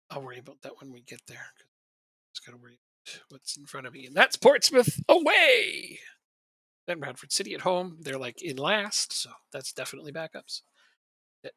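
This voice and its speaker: Raspy, bright-voiced male gaming streamer. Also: mid-range voice, no echo. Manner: joking, laughs often. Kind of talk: casual gaming chat.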